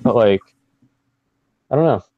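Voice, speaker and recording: A man's voice: medium pitch, expressive, measured pace, narrow, tinny audio. A man co-hosting a casual gaming podcast, rambling, swearing often and laughing a lot. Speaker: podcast co-host.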